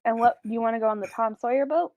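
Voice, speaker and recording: A woman's voice: on the high side, quick pace, no echo. Gm lady narrating a tabletop game, laughs a lot, swears casually, tinny phone-ish sound. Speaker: game master. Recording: dry, phone-like audio.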